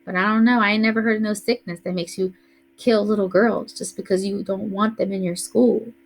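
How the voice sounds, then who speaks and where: A woman's voice: medium pitch, fairly even intonation, brisk, slight background noise, natural voice, low-quality recording. A woman reading aloud voices a tough, bossy teenage older brother who scolds in a streetwise way. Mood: consoling.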